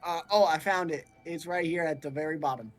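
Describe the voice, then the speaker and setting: A man playing in a casual tabletop game, hesitant and fumbling, filling pauses with "uh". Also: on the high side, soft background music. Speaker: player.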